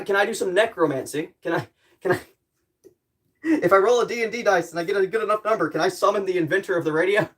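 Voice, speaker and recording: A young woman streamer in her bedroom, chatting casually and muttering to herself while she tinkers with a gadget. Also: lowish voice. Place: bedroom at home.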